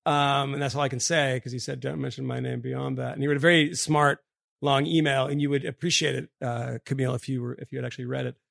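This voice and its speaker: A man co-hosting a podcast, reading a listener's email aloud in a rambling way with lots of fillers and quick laughs. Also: mid-range voice, little pitch movement, vocal fry, fairly bright tone, no room sound, clean studio sound. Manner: rambling, many fillers, laughs mid-sentence. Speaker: podcast co-host.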